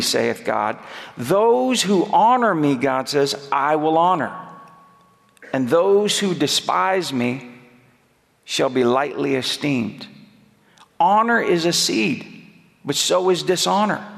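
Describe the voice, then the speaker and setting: A man preaching a sermon as a guest speaker, emphatic and rhythmic, dropping low and quiet on repeated phrases. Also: gravelly. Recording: long hall reverb.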